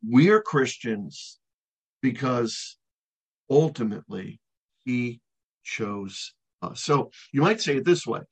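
Husky male preacher, dramatic emphasis. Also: medium pitch, animated, poor audio. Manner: emphatic, slows to stress key words, drops to near-silent on final words. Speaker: pastor. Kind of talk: expository sermon.

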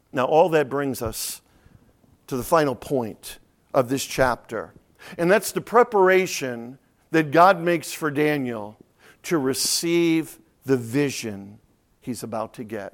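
A man preaching an expository sermon, reading verses slowly and quietly, then explaining them with rising emphasis. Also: a little high.

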